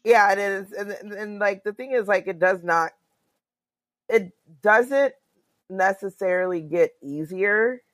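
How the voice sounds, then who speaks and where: A woman's voice: medium pitch, a little slow, no room sound. A woman co-hosting a podcast in casual chat, asking questions and chiming in often. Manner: conversational, asks questions, backchannels often. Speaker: podcast co-host.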